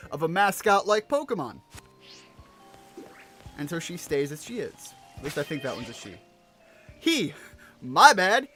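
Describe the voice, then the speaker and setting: A rambling male streamer talks casually over his game, full of fillers and self-deprecating asides. His voice sits a little high for a man. Faint music runs underneath. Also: a bit bright. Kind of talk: let's-play commentary.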